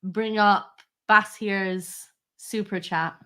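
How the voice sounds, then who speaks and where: A woman's voice: mid-range voice, steady tone, very slow, pushed and bright, smooth. A woman chatting casually with her partner, giving dry, brief replies. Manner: dry, brief interjections with laughter. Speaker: host's partner. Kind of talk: casual chat.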